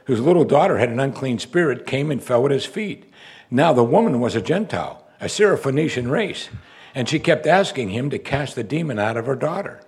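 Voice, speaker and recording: A man preaching a sermon as pastor, swinging between loud exclamations and hushed asides. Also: mid-range voice, husky.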